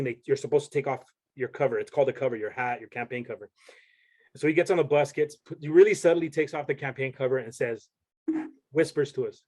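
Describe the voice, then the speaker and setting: A man's voice: mid-range voice, a little mellow. A young man, a podcast guest, telling a story in casual chat and rambling with many restarts.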